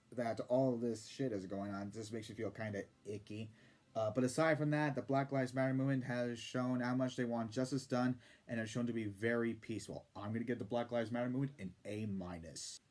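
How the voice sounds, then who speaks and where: Male vlogger ranting about comments, sarcastic, swears freely, mid pitch. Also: normal speed, darkish tone. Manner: sarcastic, profane. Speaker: YouTube commentator. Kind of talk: casual commentary rant.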